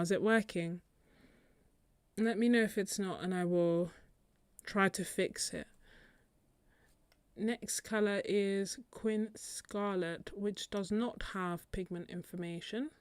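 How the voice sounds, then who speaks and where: A woman's voice: medium pitch, takes it slowly, clear, resonant tone, dry recording. A young British woman chatting casually on a live stream while she swatches paints, laughing often and thinking aloud. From Britain. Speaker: art channel host.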